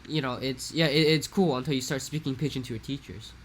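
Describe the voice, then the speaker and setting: A man's voice: mid-range voice, fast, a little hiss or hum. Young man, rambling podcast chat. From Hawaii. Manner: rambling, animated storytelling. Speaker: podcast co-host.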